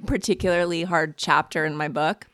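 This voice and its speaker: A woman's voice: low-pitched, fairly even intonation, moderate pace, fairly bright tone, smooth, no echo, clean studio sound. A woman hosting a podcast, telling a candid, self-deprecating story and laughing often. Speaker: podcast host. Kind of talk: casual conversation and read ad.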